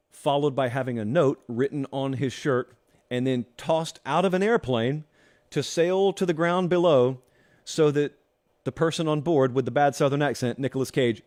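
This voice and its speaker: A man hosting a sports talk show, talking straight to his viewers in an animated, sarcastic monologue. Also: medium pitch. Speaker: host.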